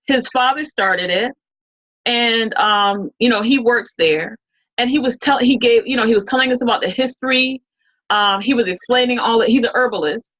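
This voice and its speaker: A woman's voice: fairly high pitch, normal speed, a bit bright, muffled recording. A woman as an interview guest, telling a story in a casual, rambling way full of restarts and quoted dialogue.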